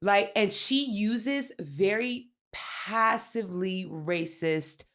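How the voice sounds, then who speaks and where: Woman podcast co-host, casual recap, blunt and profane, animated storyteller. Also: medium pitch, slow. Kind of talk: casual chat, recapping a reality show.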